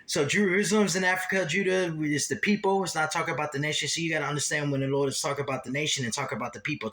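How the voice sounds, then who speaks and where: A man's voice: on the high side, a bit bright. A man giving a heated scripture commentary monologue, fiery and emphatic, hammering points home with long repeated lists.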